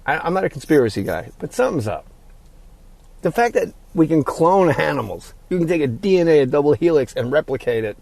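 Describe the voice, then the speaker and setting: Gravelly middle-aged man rambling. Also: a little high, big pitch swings, a little fast, darkish tone, no echo. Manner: rambling, profane, ad-libbing. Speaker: podcast host. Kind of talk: casual solo monologue.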